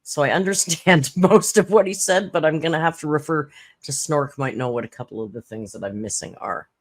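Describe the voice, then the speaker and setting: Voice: mid-range voice, fairly quick. Giggly reaction host. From Southern Ontario, Canada. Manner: chatty, giggly, explains slang. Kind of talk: casual commentary.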